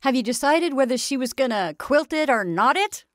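A woman's voice: sits high, expressive, no room sound, clean studio sound, pitched above the performer's own voice. Brief: woman reader plays a man of the law, patronizing and businesslike. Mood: condescending. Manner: tolerant, brisk, dismissive. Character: condescending male county attorney, middle-aged.

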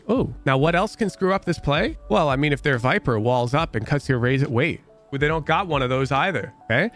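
A male game coach talking over a match review in a casual, sweary way. He is blunt and emphatic, and his pitch sits in the middle. He hammers points home by repeating lines sarcastically, with faint music behind him.

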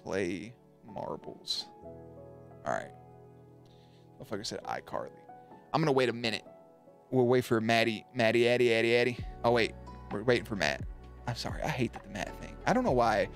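A man's voice: fairly low pitch, sing-song, moderate pace, creaky, pauses often, faint music behind. A young man streaming and commentating marble races in a hyped, playful way, swearing freely and calling the action like a sportscaster. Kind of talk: casual livestream commentary.

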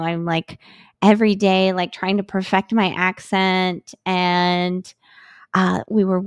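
A woman's voice: medium pitch, dry recording, clean studio sound. A woman from the United States, a podcast guest, talking in a chatty, filler-heavy conversational way. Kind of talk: casual conversation.

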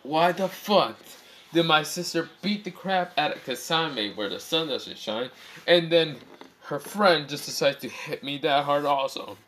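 Man playing an exasperated, cursing ninja in a fan story, bright voice. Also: fairly high pitch, lively intonation, a little slow, slight background noise, pitched above the performer's own voice. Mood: pained. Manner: exasperated, swearing. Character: irritable male ninja swearing in pain.

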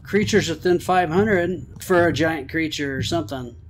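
A man giving excitable let's-play commentary on a horror game, swearing and talking to the game. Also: fairly high pitch, normal speed, background noise. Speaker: gamer.

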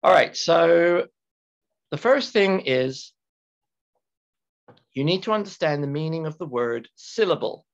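Slow, deliberate male English teacher. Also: a little high, animated, vocal fry. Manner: slow, deliberate, repeats key words and stretches them for emphasis. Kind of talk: recorded classroom grammar lecture. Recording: dull lo-fi lecture recording with keyboard typing.

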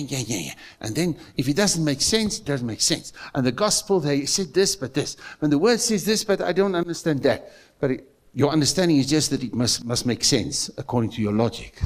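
A man with a South African accent preaching a sermon in a church, emphatic, repeating phrases and asking the congregation questions. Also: medium pitch. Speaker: pastor.

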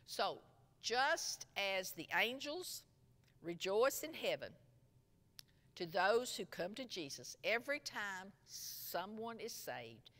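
A woman teaching a Sunday school lesson, retelling a parable in an expressive storytelling way. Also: medium pitch, slow. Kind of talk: Bible lesson. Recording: long echo from a large room.

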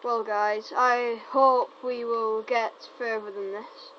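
A woman giving casual, teasing gameplay commentary, excitable and often stumbling over her words. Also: a little high, slow pace. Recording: dull lo-fi recording with faint noise.

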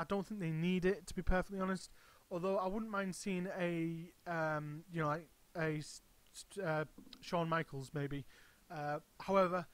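A man's voice: fairly high pitch, dry recording. A man hosting his own channel, giving casual, rambling commentary full of hesitations and restarts. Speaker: wrestling channel host.

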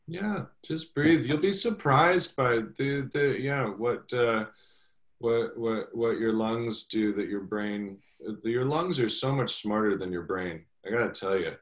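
A man's voice: mid-range voice, a little slow. Effusive man coaching actors. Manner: encouraging, effusive, stumbling. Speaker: acting coach. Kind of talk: giving acting notes.

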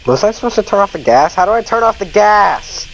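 Jumpy guy yelling thru a horror game, voice all cracked up, pitch all over the place. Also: very animated, brisk, lo-fi sound, slight background noise. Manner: jumpy, swings from muttering to panicked yelling. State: voice cracking from screaming. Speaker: let's play gamer.

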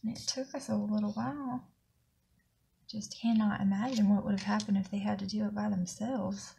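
A woman's voice: mid-range voice, level tone, moderate pace, gravelly, warm tone, slight background noise. A woman with a Southern US accent telling a long indignant story in a chatty vlog, slightly out of breath. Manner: chatty, indignant rambling anecdote. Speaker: planner vlogger.

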